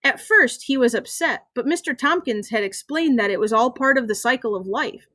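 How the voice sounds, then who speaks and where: A woman's voice: fairly high pitch, moderate pace, pushed and bright, no room sound, clean studio sound. Woman reading a children's story aloud. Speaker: reader.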